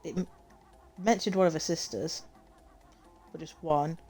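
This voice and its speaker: A woman's voice: low-pitched, fairly even intonation, measured pace, mellow, breathy edge. A young woman streaming a game, chatting casually in a rambling way and often correcting herself. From United Kingdom. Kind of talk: casual chat while gaming.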